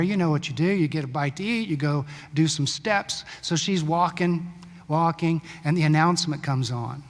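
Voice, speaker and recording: Man preaching in a reverberant church. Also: on the high side. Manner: conversational storytelling, shifting between brisk and slow, hushed passages. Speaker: pastor. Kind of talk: sermon. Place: church sanctuary. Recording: long church-hall reverb.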